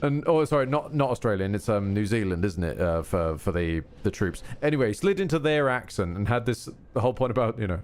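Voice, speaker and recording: A man's voice: lowish voice, expressive, brisk, hardly any pauses, a little mellow. Guy streaming a game, rambly, voice jumps all over, a little hiss behind. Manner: rambling, self-interrupting, wry asides. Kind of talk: casual live gameplay commentary.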